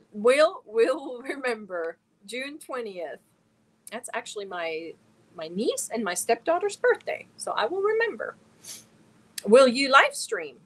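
A middle-aged woman chats casually on her live stream. Her voice sits a little high, and she greets viewers and answers their messages one by one. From Germany. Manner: reads chat messages aloud and answers viewers warmly one by one.

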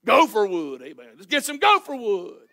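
A man delivers a sermon in a church sanctuary. His voice sits very high for a man, and he hollers his points with fervent emphasis. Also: wildly swooping pitch, normal speed, sharp tone. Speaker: pastor.

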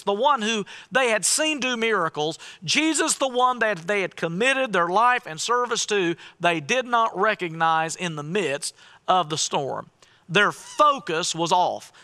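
Male pastor, sermon. High voice, bright and forceful. Dramatic and emphatic, leans on repeated phrases. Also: animated, unhurried.

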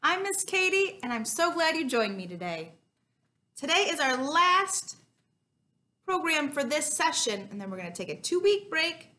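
A woman's voice: sits high, bright, forceful tone. A young woman hosting an online story time for small children, singsong and encouraging.

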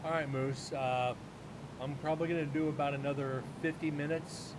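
A man's voice: fairly even intonation, moderate pace. A man hosting a paranormal live stream, chatting casually and rambling with his viewers. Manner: laid-back, rambling, talks straight to chat. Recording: loud vehicle rumble behind the voice.

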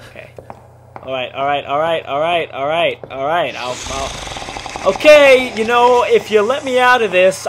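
A gaming video creator narrates his horror game let's-play, swearing and joking before breaking into panicked screams. His voice is high and a bit bright, with a little hiss or hum in the recording.

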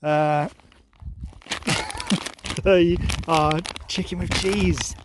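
Cheery young bloke, chatty dog-owner vlogger, slightly high voice, laughs a lot. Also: male voice, fairly even intonation, drawn-out words, noisy background. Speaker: dog owner thanking viewers for gifts. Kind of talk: casual vlog chat to camera and dog.

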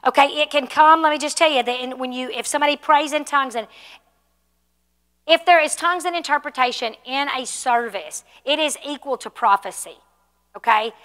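A woman's voice: high voice, fairly quick, a bit bright, big-room sound. A woman pastor teaching a church class in a conversational way, often asking the room questions. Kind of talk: sermon teaching. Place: church hall.

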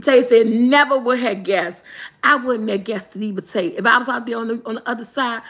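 A woman hosting a live guessing game, reading clues slowly and cheering loudly when viewers answer right. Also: on the high side, slightly rough. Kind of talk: casual live-stream chat.

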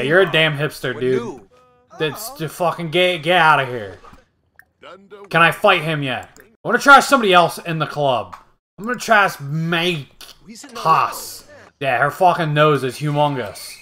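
A young man casually commentating a life-sim game he is playing, swearing freely and getting excitable. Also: on the high side, a little slow. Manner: profane, excitable, jokey. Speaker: gaming video host.

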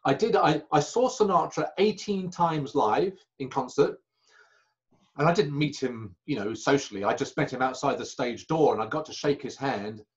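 A man telling anecdotes as an interview guest. He talks in a halting way and corrects himself often, over a video call. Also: medium pitch, muffled recording. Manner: chatty raconteur, halting and self-correcting. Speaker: magician guest.

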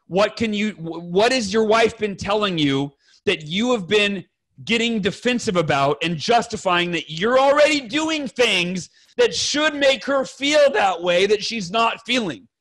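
Earnest high-voiced man, choked up. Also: lively intonation, measured pace, a bit bright. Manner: earnest, rambling, self-correcting, swears; clears throat often. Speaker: podcast guest. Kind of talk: emotional personal story to fathers.

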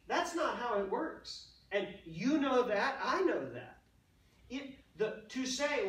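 A man teaching an adult Sunday school class, talking with the group, asking them questions and slowing down to stress key words. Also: very high-pitched, lively intonation, a bit bright, distant mic. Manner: conversational, asks the class questions, slow emphatic stresses. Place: church classroom. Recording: roomy sound, speaker off mic.

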